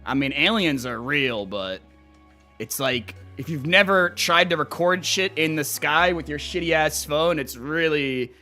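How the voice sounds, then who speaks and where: Faint music plays behind a young male livestreamer who chats casually, rambles, and swears freely while reacting to clips and reading chat. His voice is animated, a little slow, sharp in tone, and on the high side.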